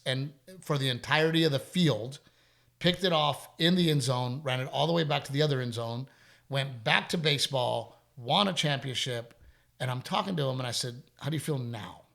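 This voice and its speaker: A man's voice: medium pitch, vocal fry, a bit bright. A middle-aged man hosting a podcast, talking candidly in casual chat and telling stories with emphatic repetition. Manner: candid, storytelling, repeats himself when emphatic. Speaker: podcast host.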